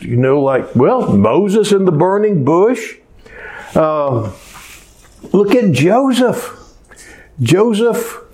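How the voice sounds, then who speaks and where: A man's voice: a little high, darkish tone. A man preaching a sermon in a folksy storytelling manner, often asking rhetorical questions. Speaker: pastor.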